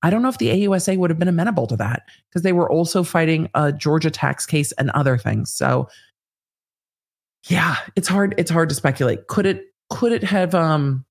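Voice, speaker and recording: A woman's voice: low voice, expressive. Give me an analytical woman legal commentator. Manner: measured, analytical, thinks aloud with fillers. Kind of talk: guest interview, legal analysis.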